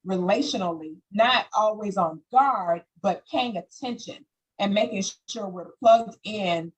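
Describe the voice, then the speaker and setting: Woman host, husky voice, animated storyteller, acts out quoted voices, panel talk. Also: medium pitch, a little slow, poor audio. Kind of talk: panel discussion.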